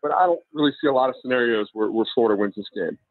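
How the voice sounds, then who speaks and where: A man's voice: medium pitch, rapid-fire, no echo. A man who is a college football editor, giving sports radio analysis over the phone in an analytical way, stammering and restarting at times. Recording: tinny phone line.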